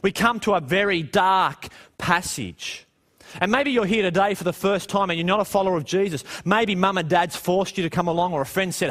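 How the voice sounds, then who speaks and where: Man preaching in church, slightly high voice, casual tone, rhetorical questions, drops to a hush at times. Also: fairly quick. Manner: conversational, rhetorical questions, voice drops low and quiet on dark moments. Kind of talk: sermon.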